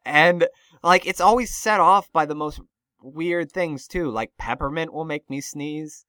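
A podcast co-host with a bright voice on the high side rambles through casual comedic banter at a measured pace. The recording is dry and of studio quality.

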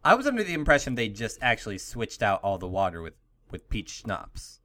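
A young man hosting a podcast, rambling through jokey hypotheticals with deadpan asides in casual chat. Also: lowish voice, a little fast. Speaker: podcast host.

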